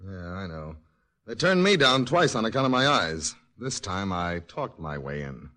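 An earnest idealistic recruit. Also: male voice, deep voice, sing-song, normal speed, full character voice. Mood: cheerful. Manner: earnest, thoughtful, gently humorous. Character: idealistic young writer enlisting, earnest and cheerful. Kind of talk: 1940s radio acting.

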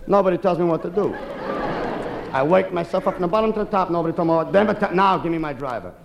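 A man acting out a gruff, boastful self-made golfer who refuses all advice, as part of a stand-up comedy routine. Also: high-pitched, fast, dull audio, a crowd in the background, noisy background. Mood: blustering. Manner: blustering, insistent.

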